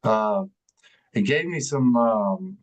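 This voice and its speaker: A man's voice: medium pitch, animated, slow. A man co-hosting a casual interview, easygoing and full of fillers. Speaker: podcast co-host.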